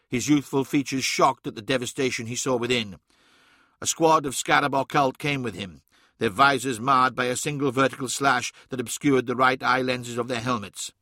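A man reads a dark fantasy audiobook with dramatic intensity, his voice swelling on moments of fire and falling hushed on sorrow. The tone is bright and forceful, recorded close and dry with no room sound. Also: medium pitch, no echo. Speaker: audiobook narrator. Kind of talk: scripted dramatic narration.

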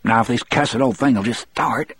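A man voicing a nervous, irritable prison guard with a thin, scolding, high-strung manner. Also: normal speed, fairly bright tone, breathy edge, dry recording. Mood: stiff.

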